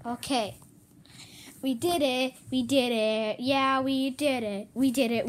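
A woman improvising playful toy-movie dialogue, excitable and exclaiming, often slipping into sing-song. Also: high voice, slow pace. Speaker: home movie maker voicing toy characters.

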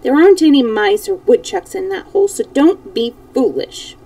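A woman's voice: high voice, very animated, moderate pace, warm tone, pitched above the performer's own voice, exaggerated voice. A woman voicing an earnest, spirited little girl who asks insistent questions.

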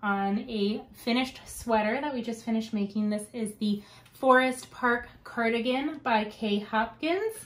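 A woman's voice: a little high, a little slow, a bit bright. Young adult woman, podcast host, casual and talkative with easy laughs. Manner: chatty, laughs often, wanders onto tangents. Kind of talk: casual chat.

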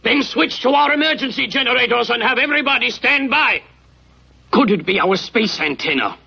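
A man's voice: sits high, very animated, normal speed, sharp tone, breathy edge, full character voice. A man playing a stern, formal scientist who captains a spaceship, in an old cartoon dub. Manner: commanding, formal. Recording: dull old dub with music.

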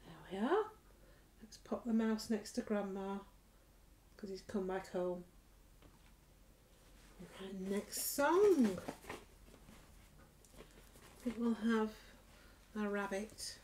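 A woman leading a nursery rhyme session for little children, gentle and encouraging with a sing-song way of talking. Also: mid-range voice, takes it slowly, pauses often. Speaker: toddler group leader.

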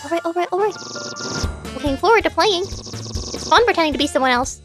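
This VTuber's voice is very high and animated, and she talks a little fast. Streaming a video game over faint background music, she chats bubbly and reads the in-game dialogue aloud, giving the characters playful voices.

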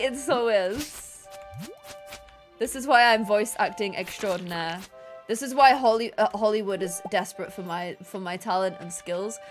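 Bubbly, high-voiced woman streaming a game. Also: a bit bright. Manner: bubbly, giggly, playful. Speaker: streamer and host. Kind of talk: casual live-stream gaming chat.

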